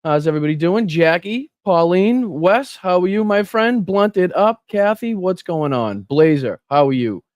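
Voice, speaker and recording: A middle-aged man with a Boston accent hosts a casual political livestream from a home room with an air conditioner running, greeting viewers by name, reading out chat names and swearing freely. His voice sits high and expressive, at normal speed with few pauses and a slightly mellow tone. There's no room sound.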